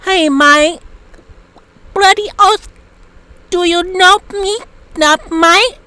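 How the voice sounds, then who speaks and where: Man putting on a squeaky woman's voice, very high, bright, slow, mock Aussie prank caller. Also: no echo, heavily acted. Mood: teasing. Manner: slow, drawn-out, keeps saying the name.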